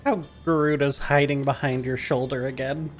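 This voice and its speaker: A woman's voice: very deep voice, fairly even intonation, normal speed, soft background music. A woman playing a game with a friend, chatting in a playful, giggly way. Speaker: co-player. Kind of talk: casual gaming chat.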